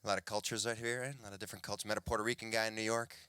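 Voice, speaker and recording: A man's voice: lowish voice, level tone, very fast, sharp tone, clean tone, no room sound, clean studio sound. A middle-aged man born in Cuba, performing a stand-up comedy set and acting out other people's voices.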